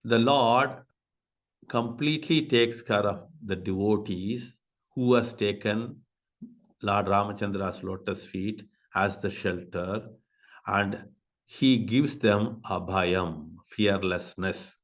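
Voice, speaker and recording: A man giving a devotional scripture class, slowly explaining Sanskrit verses and asking rhetorical questions. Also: on the low side, lo-fi sound. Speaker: class speaker.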